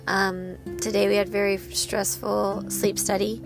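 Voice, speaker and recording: A woman in her thirties hosts her own podcast, speaking at a middle pitch with a gravelly, fry-tinged voice. She talks candidly as a parent and laughs at herself as she encourages her listeners. Clear music plays behind her. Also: level tone, a little slow. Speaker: podcast host, parent of a child with medical needs. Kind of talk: personal podcast monologue.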